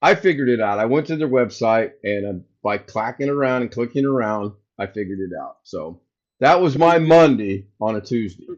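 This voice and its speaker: A man's voice: mid-range voice, expressive, normal speed, darkish tone. A man hosting a casual livestream from home, telling a story and acting out both sides of a phone call. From United States. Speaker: livestream host. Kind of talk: casual storytelling to live chat. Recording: slightly dull lo-fi sound.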